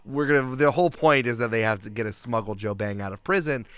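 A man appearing as a guest on a casual movie podcast, talking animatedly and leaping up in pitch when he gets excited. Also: fast, clear, resonant tone, dry recording.

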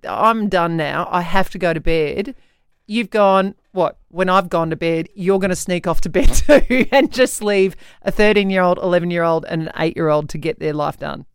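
A woman in her forties hosting breakfast radio, telling a story in an exasperated, animated way. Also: lowish voice, smooth, dry recording, clean studio sound. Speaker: radio show host.

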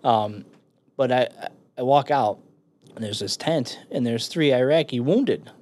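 A man, a military veteran guest, telling a war story in casual, profane, animated speech with laughs between phrases. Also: medium pitch, a little slow.

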